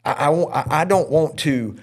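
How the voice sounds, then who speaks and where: A man who is a pastor and podcast host, telling a personal story in an earnest, emotional way. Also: moderate pace. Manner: earnest and emotional, with lively pitch swings.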